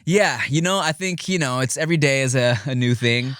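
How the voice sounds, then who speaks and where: A man in his thirties chats on a podcast, telling animated stories and acting out his kids in squeaky voices. He swears casually and laughs often. His voice sits mid-range and the studio sound is dry and close. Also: brisk, dry recording. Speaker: podcast co-host.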